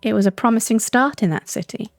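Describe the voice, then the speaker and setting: A young woman reading a visual novel aloud, calm and steady, with self-deprecating asides. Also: on the high side, fast, vocal fry, soft background music.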